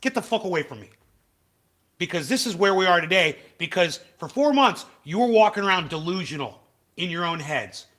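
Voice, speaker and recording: A man with a high, bright, cutting voice rants through a livestream, swearing and hurling insults at the clips he reacts to. His talk lurches between muttered asides and sudden yells. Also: lively intonation, brisk. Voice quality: profane, angry, shouting insults. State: has facial palsy flare-up. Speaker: livestream host. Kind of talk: ranting live commentary.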